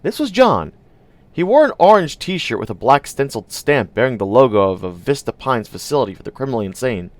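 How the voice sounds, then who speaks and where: A man's voice: medium pitch, no echo. A man narrating a first-person audiobook in a dry, wry storytelling manner.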